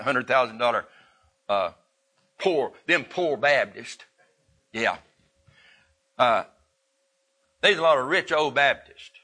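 A man preaching in a folksy, homespun way, stumbling through restarts and chuckling now and then. His voice is bright and sharp and swoops up and down with feeling, sitting a little high for a man. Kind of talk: sermon.

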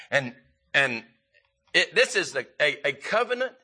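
Male preacher, sermon delivery, halting and repetitive, with a piercing bright tone. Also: a little high, very animated, slightly rough. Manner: halting, repeats and restarts, rising for emphasis.

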